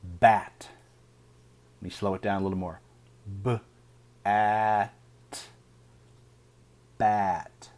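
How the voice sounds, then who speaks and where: A man teaching a phonics lesson, sounding out each word slowly and deliberately. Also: low-pitched, level tone, darkish tone. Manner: slow, deliberate sounding out of words.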